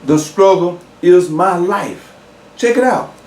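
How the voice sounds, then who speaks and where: A man preaching a sermon, slow and emphatic, repeating key words and pausing with fillers. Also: high voice, animated, darkish tone, roomy sound, distant mic.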